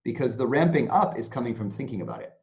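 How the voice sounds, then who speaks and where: A man, an interview guest who teaches mindfulness, explaining in an animated way and acting out anxious inner voices. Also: medium pitch, fast talker. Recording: dull lo-fi sound.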